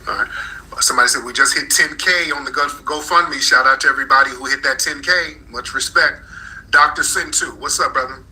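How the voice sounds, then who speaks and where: A man's voice: mid-range voice, a little fast, pushed and bright, rough recording. Combative man hosting a call-in room. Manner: combative, repeats accusations insistently. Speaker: host of a live call-in audio room. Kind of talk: confrontational call-in talk.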